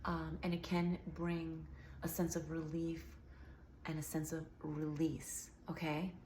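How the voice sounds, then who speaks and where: A woman's low, slightly sore, a little mellow voice comes with a completely flat, unhurried delivery. She's a healing vlogger talking casually to camera, earnest and rambling with plenty of fillers, amid echo and faint hiss.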